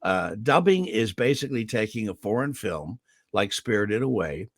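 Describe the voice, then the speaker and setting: An older veteran voice actor, a guest at his California home, tells stories in an interview with lively, animated delivery and frequent restarts. His pitch is fairly low and his pace normal, and his irritated throat keeps needing to be cleared. The recording is dry and clean, like a studio.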